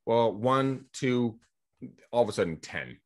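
Chatty and energetic, a middle-aged man from California who works in real estate rambles through anecdotes full of quoted dialogue. It's a casual podcast interview on a video call, and he speaks unhurriedly in a mid-range voice.

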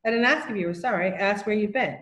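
A woman's voice: mid-range voice, fairly bright tone, roomy sound, lightly acted. A woman doing a strict, no-nonsense schoolteacher. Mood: reproving. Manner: brisk and reproving.

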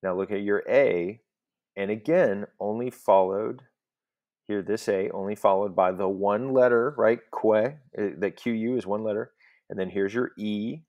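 Man, deep voice, gravelly texture, recorded lesson, patient explainer. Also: a little slow, darkish tone, muffled recording. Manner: patient, explanatory, checks in with "okay?". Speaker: Latin teacher.

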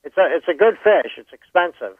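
A man's voice: high voice, animated, fairly quick, dry recording, phone-quality sound. A man with a Maine accent, chatting as a guest and telling folksy stories. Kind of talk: casual storytelling chat.

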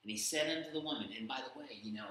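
A man's voice: mid-range voice, racing, fairly bright tone. A man leading a casual Bible study discussion, telling stories animatedly with many fillers. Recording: very echoey room, faint background hum.

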